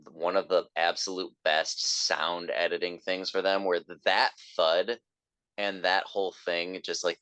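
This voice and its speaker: A man's voice: deep voice, bright, forceful tone, dry recording, poor audio. A man hosting a podcast in casual chat, talking with enthusiasm and plenty of fillers. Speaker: podcast host.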